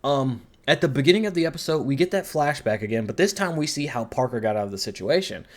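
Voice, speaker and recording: A man reviewing a show in casual commentary, rambling and swearing freely, with animated swings in his voice. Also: mid-range voice, fast.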